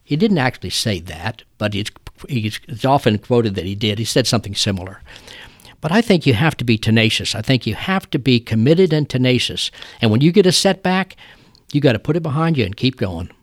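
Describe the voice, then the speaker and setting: A man's voice: medium pitch, sing-song, fairly quick. An older man, a trial lawyer telling folksy stories in an interview. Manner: folksy, drawling storyteller. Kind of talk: interview storytelling.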